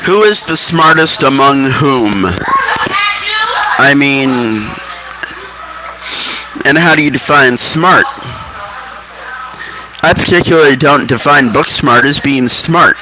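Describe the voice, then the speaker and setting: A man's voice: medium pitch, slow pace, long pauses, poor audio. A man casually telling rambling stories and musing aloud, offhand and profane. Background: music.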